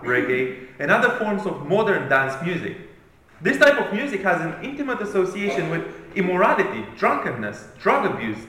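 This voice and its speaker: High, animated preacher in echoey room. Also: male voice. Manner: emphatic, declamatory reading. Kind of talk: sermon.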